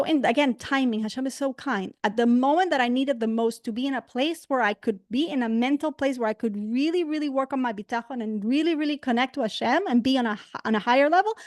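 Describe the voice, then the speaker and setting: High-voiced woman teaching a faith class. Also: no room sound, clean studio sound. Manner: earnest, animated storytelling with many restarts. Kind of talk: personal story in a class.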